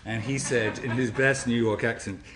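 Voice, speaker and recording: A man delivers an academic lecture at an ordinary, middle pitch. His speech stops and restarts often, with repeated small words and a dry wit. The talk is captured in an echoey hall with a faint background hum. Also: steady tone, normal speed, a bit bright. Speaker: scientist giving a symposium talk.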